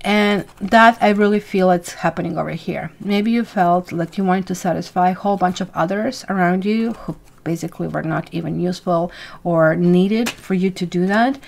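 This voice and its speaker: A woman's voice: on the low side, moderate pace, vocal fry, darkish tone. Chatty woman tarot reader. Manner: chatty and rambling, thanks viewers by name. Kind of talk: live weekly tarot reading.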